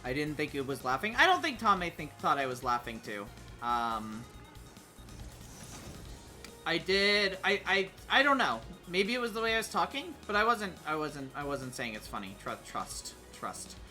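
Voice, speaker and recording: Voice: mid-range voice, sing-song, normal speed, pushed and bright, soft background music. A streamer chatting casually while playing a game, hesitant with many fillers and restarts, sometimes humming tunes. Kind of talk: casual gaming stream chat.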